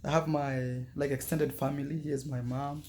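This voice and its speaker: A young man from Kenya vlogging casually at his rural family home, soft-spoken and halting, with many fillers. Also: medium pitch, flat delivery, slight background noise. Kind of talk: casual vlog chat.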